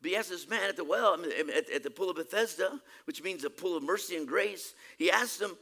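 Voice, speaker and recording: A male preacher giving a sermon, emphatic, swinging between loud exclamations and quiet asides. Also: sits high, fast, few pauses.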